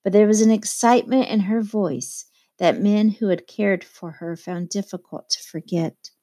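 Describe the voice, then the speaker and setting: A woman narrating an audiobook in a measured, expressive reading. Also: medium pitch. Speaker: audiobook reader. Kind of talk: scripted narration.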